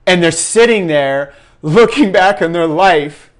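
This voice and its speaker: A man's voice: high-pitched, expressive, measured pace. A young man giving a passionate, preachy recruiting talk to his sales team. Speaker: team leader in a sales network. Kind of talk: fervent recruiting pitch.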